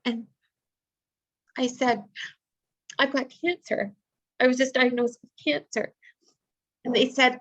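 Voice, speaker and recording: A woman's voice: high voice, steady tone, takes it slowly, pauses often. A woman, a psychic medium, earnestly recounting a personal story in an interview, with frequent fillers. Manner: earnest, heartfelt retelling with many fillers. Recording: slightly muffled lo-fi recording.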